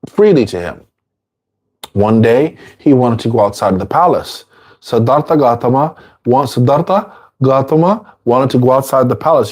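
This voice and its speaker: A man giving an informal dharma talk, casual and repetitive, sometimes acting out quoted people in a higher voice. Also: dark tone. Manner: casual, repeats phrases, acts out quotes in a high voice. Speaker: dharma teacher.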